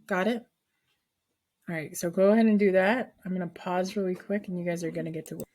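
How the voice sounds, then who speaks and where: A woman's voice: on the low side, steady tone, brisk, a little mellow. A woman teaching a math lesson to her class, explaining a problem step by step in a chatty way and often checking that students follow.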